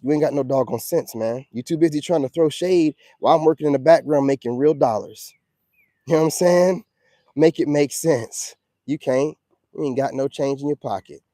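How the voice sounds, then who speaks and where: Blunt ranting man, mellow voice. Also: a little high, no echo. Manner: blunt, confrontational, preachy; slangy street talk, repeats "you know what I'm saying". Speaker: self-styled spiritual coach. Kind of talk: ranting monologue to viewers.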